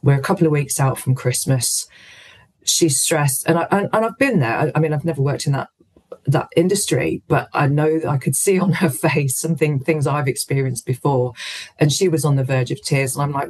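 Businesswoman telling a lively story. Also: deep voice, a little fast, rough recording. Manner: lively anecdotal storytelling, acts out quoted voices. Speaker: guest, businesswoman and author. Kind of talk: storytelling in an interview.

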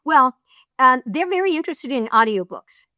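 A middle-aged woman who works as a voiceover artist and audiobook narrator chats in a casual interview, telling stories and laughing easily. Her high voice is sing-song with a sharp tone. The recording is dry and studio quality.

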